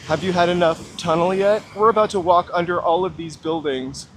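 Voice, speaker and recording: A man's voice: high-pitched, fairly even intonation, normal speed. Chatty man joking on a city walk. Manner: chatty, joking, self-deprecating asides to viewers. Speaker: live-stream walking host. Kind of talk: casual walking live-stream chat. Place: outdoors on downtown city streets and through tunnels. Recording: faint city street noise. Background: city traffic ambience.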